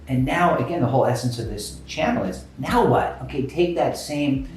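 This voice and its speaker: A man's voice: mid-range voice, moderate pace, slight background noise. A man hosting an interview, talking with enthusiasm in casual chat. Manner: enthusiastic, animated storytelling. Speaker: podcast host. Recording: echoey room with faint music.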